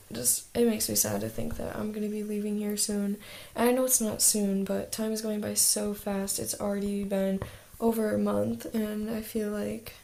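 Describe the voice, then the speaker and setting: A woman's voice: mid-range voice, creaky, mellow. A teenage girl talking in a casual video diary as an exchange student, chatty and full of "like" fillers.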